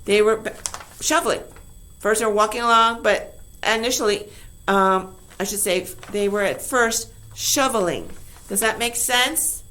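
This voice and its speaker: A woman's voice: on the high side, a little slow, bright, forceful tone, a little hiss or hum. A woman teacher explaining a poem to her class in a chatty way, often checking in with her listeners.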